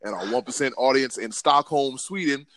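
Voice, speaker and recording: A man's voice: mid-range voice, moderate pace, a bit bright, dry recording. A man hosting a casual sports podcast, hyped up, slangy and self-mocking. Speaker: podcast host.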